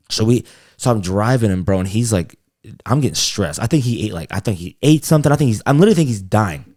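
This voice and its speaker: A man's voice: mid-range voice, a little mellow, no room sound, studio quality. A young man co-hosting a podcast, telling a rambling story in slangy, profane casual chat full of fillers. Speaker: podcast co-host.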